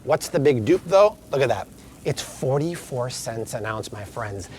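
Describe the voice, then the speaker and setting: A man's voice: mid-range voice, lively intonation, normal speed, a little mellow, a little hiss or hum. A man vlogging his way through supermarket aisles, emphatically comparing prices in an upbeat tone. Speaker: grocery vlogger. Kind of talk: store walkthrough vlog.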